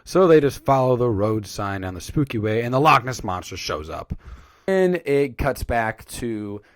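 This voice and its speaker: A man's voice: mid-range voice, very animated, normal speed. A young man giving a casual, joking movie recap, rambling and stumbling over his words. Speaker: video creator recapping a movie.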